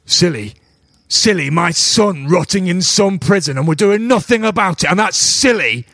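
A man's voice: fairly low pitch, unhurried, no room sound, studio quality. A man voicing an angry middle-aged war chief, a grieving father who swears and sneers. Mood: furious. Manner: furious, swearing, sarcastic.

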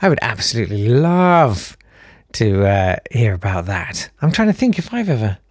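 A man's voice: on the low side, sing-song, normal speed, darkish tone, no echo, clean studio sound. Chatty man hosting a podcast. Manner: chatty, self-mocking, reads listener emails aloud with asides. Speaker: podcast host. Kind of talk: casual solo podcast chat.

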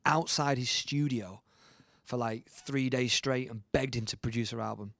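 A man, a guest musician, telling a story in a lively, casual way and acting out the quotes. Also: mid-range voice, normal speed, gravelly, no room sound. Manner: animated storyteller, acts out quotes, many fillers.

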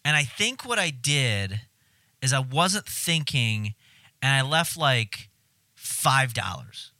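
Animated male co-host, bright voice, dry recording, loose profane chat. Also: mid-range voice, takes it slowly, no echo. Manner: animated storyteller, swears freely, acts out shouting. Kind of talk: casual chat.

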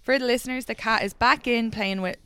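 Chatty Irish woman with a smooth voice. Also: on the high side, fairly even intonation, brisk, bright, forceful tone, no echo. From Ireland. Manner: chatty, rambling, swears casually. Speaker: podcast host, comedian. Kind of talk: casual chat.

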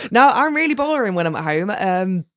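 A young woman, a cabaret singer, chatting as an interview guest and telling stories in a playful, sweary, animated way. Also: medium pitch, no room sound, studio quality. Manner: animated storyteller, playful and sweary, acts out quotes. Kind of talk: casual chat.

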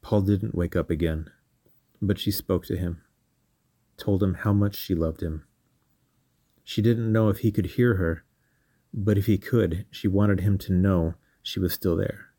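Man, storyteller, scripted narration, very low pitch, dry sound. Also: measured pace, long pauses, warm tone, husky, dry recording. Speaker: storyteller and podcast host.

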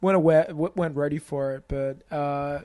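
Guy cohosting a podcast, kinda high voice, jokey, laughs a lot. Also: steady tone, brisk, warm tone. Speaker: podcast co-host. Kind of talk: casual chat.

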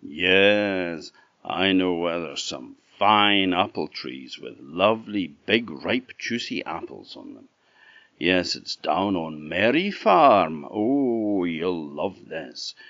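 A man's voice: deep voice, big pitch swings, takes it slowly, fairly bright tone, no room sound, exaggerated voice. A man doing a sly sweet-talking big bad wolf. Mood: coaxing. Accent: Orkney Scottish. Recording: dull dry lo-fi recording.

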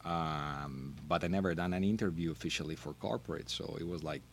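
A middle-aged man from Italy with an Italian accent, a non-native speaker telling stories as a guest in a casual interview, animated and laughing, with halting phrasing. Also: low-pitched, a little hiss or hum. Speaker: podcast guest, wine brand manager.

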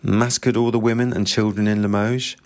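A man's voice: fairly low pitch, level tone, fairly quick, a little mellow, close to an everyday voice. Man reading a dry, sardonic older narrator. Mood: cold. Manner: dry, cutting, passive-aggressive.

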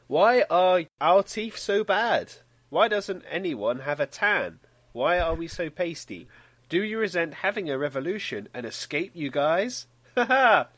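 A man's voice: high-pitched, a bit bright, dry recording. An English man co-hosting a podcast, chatting casually with giggly, playful banter. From England. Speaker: podcast co-host. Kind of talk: casual chat.

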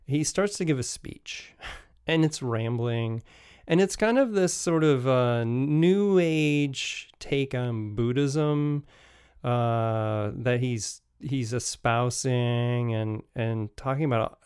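A man casually telling travel stories as a podcast host, halting and restarting often, with frequent chuckles. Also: medium pitch, clear, resonant tone, no echo, clean studio sound.

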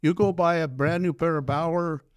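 An older man, a former pro hockey player telling animated stories in an interview, acting out quoted dialogue and often restarting his sentences. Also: fairly high pitch, normal speed, no room sound. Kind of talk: storytelling in a podcast interview.

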